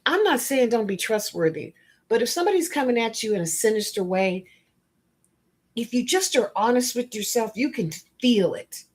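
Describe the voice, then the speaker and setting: A woman's voice: on the high side, lively intonation, normal speed, slightly rough. A woman spiritual life coach hosting a motivational podcast, speaking emphatically and bluntly and addressing listeners directly. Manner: emphatic, blunt, with frank asides.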